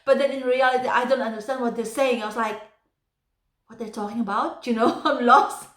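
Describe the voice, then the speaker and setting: Animated Filipino woman vlogger. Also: a little high, fast talker, echoey room. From Philippines. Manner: animated, laughs often between stories. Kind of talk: casual storytelling vlog.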